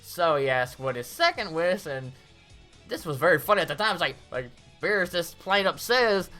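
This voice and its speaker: A woman's voice: on the low side, faint music behind. A woman giving a casual, rambling review of a cartoon episode, recapping scenes in a chatty way. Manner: rambling, animated recap with quick acted-out quotes.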